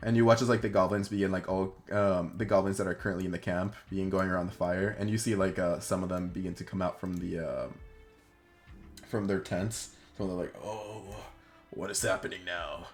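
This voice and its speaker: A man's voice: sits low, steady tone, a little fast, soft background music. A young man narrating a tabletop game as game master, rambling with many fillers.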